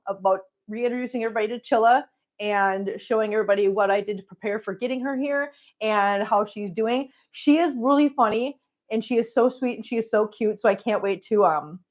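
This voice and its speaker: Chatty woman hosting a home livestream. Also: on the high side. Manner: chatty, greets viewers warmly by name. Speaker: cat channel host. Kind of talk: casual livestream chat.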